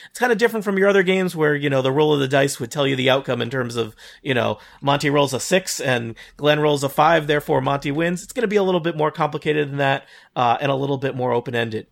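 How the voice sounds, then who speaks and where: A man's voice: fairly high pitch, gravelly. A man hosting a tabletop role-play podcast as game master, explaining rules in a chatty way. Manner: chatty, many fillers and restarts.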